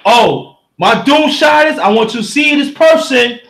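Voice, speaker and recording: Man, strikingly high voice, bright and forceful, preachy livestream rant, frequent shouting. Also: animated, measured pace. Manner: preachy, fiery, often shouting, addresses listeners directly. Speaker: livestream host reading chat.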